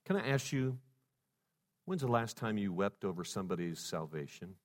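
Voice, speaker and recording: A male pastor preaching a sermon, swinging from loud exhortation to hushed softness and stacking rhetorical questions. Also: fairly low pitch, animated, moderate pace. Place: church sanctuary. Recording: long reverb in a church hall.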